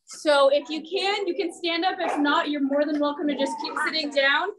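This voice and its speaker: A woman with a bright, high-pitched voice leads a chair exercise class as the instructor. She is upbeat and encouraging and counts each rep out loud. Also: steady tone, normal speed, noisy background. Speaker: fitness instructor.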